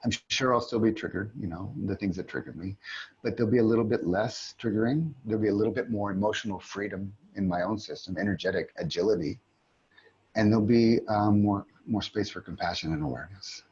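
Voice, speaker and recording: A middle-aged man, an aikido teacher, calmly guiding a community call through a reflective exercise, often restarting his sentences. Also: fairly low pitch, fairly quick, husky, dull audio. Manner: calm, reflective, many restarts. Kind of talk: guided teaching talk. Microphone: video call.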